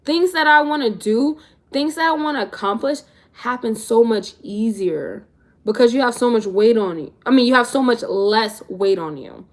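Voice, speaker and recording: This is a young vlogger in her twenties responding to viewers' live chat messages on a stream. Her pitch is fairly high and her pace moderate, and she keeps things laid-back and full of slang.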